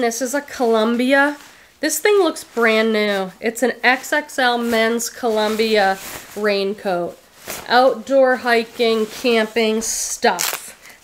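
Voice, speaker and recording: Speaking with a somewhat high, slightly bright voice, a reseller vlogger in her thirties gives a casual, upbeat haul chat to camera about her thrift finds, filled with "like." She records in a thrift store and her car, both inside and outdoors.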